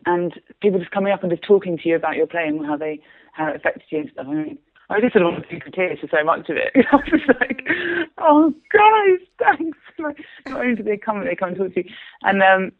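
A woman's voice: lowish voice, fast, dry recording. Woman on a tinny phone line. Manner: rambling, animated, laughs often, frequent restarts. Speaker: playwright and performer, guest. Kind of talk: casual interview chat.

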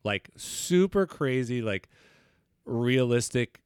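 A man's voice: mid-range voice, lively intonation, slow pace, clear, resonant tone, no echo, clean studio sound. A young man co-hosting a podcast, telling a personal story in loose, candid chat full of swearing and restarts. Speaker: podcast co-host.

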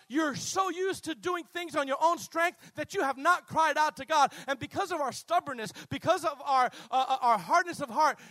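Male preacher, emphatic and animated sermon delivery; high, bright voice. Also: no echo. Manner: emphatic, animated, calling out to the congregation.

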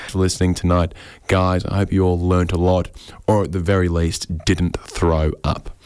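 A man doing a rambling, deadpan, self-deprecating stand-up monologue on radio. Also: sits low, normal speed, clean tone, no echo. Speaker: comedian.

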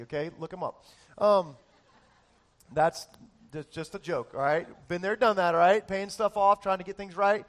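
A man preaching a sermon as pastor, animated and joking, building emphasis through lists. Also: high voice. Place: church.

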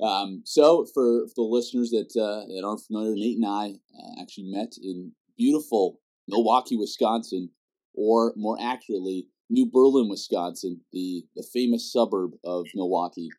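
A man's voice: fairly low pitch, normal speed, dark tone. A Canadian man hosting a podcast, chatting casually in a rambling way with lots of fillers and restarts. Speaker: podcast host. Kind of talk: casual interview chat.

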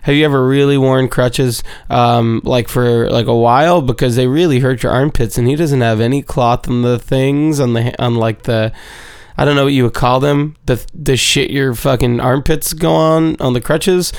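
A man's voice: medium pitch, steady tone, normal speed, smooth, no echo, clean studio sound. A man giving a casual, rambling episode recap, full of swearing and playful repetition.

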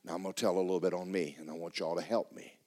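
Low-voiced preacher, loud then hushed. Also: male voice, rapid-fire. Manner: swings from loud excited storytelling to low hushed tones. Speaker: pastor. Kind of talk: sermon. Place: church sanctuary.

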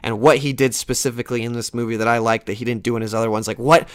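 A man's voice: mid-range voice, racing, clean tone. A man hosting a podcast, telling a long casual story that rambles, restarts and swears a little, and livening up as he retells conversations. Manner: lively when retelling conversations. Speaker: podcast host.

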